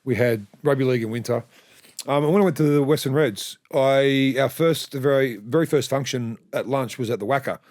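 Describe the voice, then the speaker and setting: A man's voice: medium pitch, fairly quick, darkish tone, dry recording, studio quality. A middle-aged man hosting a podcast, asking eager questions and sharing his own memories. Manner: enthusiastic prompting questions. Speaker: podcast host. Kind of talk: casual interview chat.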